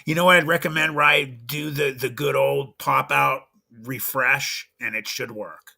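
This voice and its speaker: A man's voice: mid-range voice, fairly even intonation, measured pace, gravelly, bright, forceful tone. A man hosting a livestream in a casual chatty way, greeting viewers by name one after another. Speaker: livestream host.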